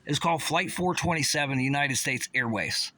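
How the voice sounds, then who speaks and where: A man's voice: fairly high pitch, normal speed, sharp tone, no room sound. A man from the Pittsburgh area, delivering an agitated, sarcastic, profane rant and stumbling over his restarts. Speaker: vlogger.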